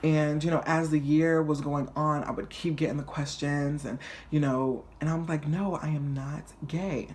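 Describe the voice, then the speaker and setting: A man in his twenties telling a personal story on his vlog in a chatty, flamboyant and animated way. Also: a little high, moderate pace, a little hiss or hum. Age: 20s. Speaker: vlogger.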